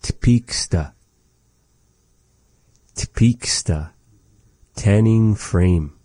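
A man teaching vocabulary in a casual lesson, repeating each word slowly with chatty asides. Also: on the low side, dark tone, no echo. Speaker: language teacher.

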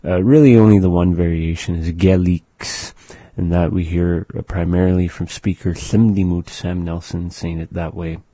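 Slow, deep-voiced male language teacher. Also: mellow, no echo. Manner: slow, patient, repeats words twice.

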